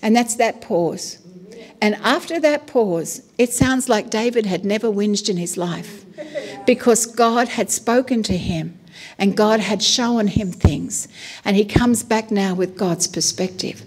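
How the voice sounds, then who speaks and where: Chatty, animated middle-aged woman preaching. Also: mid-range voice, a little slow. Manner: animated, chatty, full of asides and acted-out prayers; conversational with frequent "you know". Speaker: pastor. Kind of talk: sermon.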